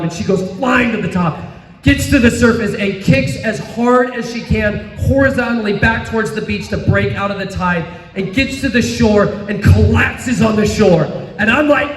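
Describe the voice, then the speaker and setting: A man with a notably high voice gives an animated storytelling sermon from a conference stage. His delivery is exclamatory and lively. The sound is echoey and roomy, picked up from far off in a large hall. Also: normal speed. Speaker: conference speaker.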